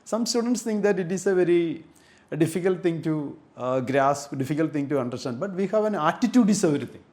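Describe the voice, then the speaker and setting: A man in middle age with an Indian English accent lectures on English basics, a Malayalam speaker at home in the language. His voice sits somewhat high for a man, and he stresses points by repeating them and spelling out endings letter by letter. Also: expressive, brisk, a little mellow. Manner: repetitive, emphatic, spells words out letter by letter. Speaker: English teacher. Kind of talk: classroom lecture.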